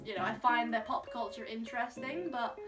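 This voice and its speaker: A woman's voice: fairly high pitch, brisk, recorded from a distance. A young woman from Scotland reading comments aloud in a casual vlog, answering each with sassy, playful retorts. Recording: from the mic, music behind. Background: background music.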